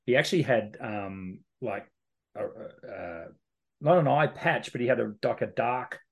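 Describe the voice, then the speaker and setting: A man's voice: medium pitch, lively intonation, a little slow, creaky, muffled recording. Chatty man telling stories. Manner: chatty storyteller, laughs often. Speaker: podcast co-host. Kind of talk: casual chat.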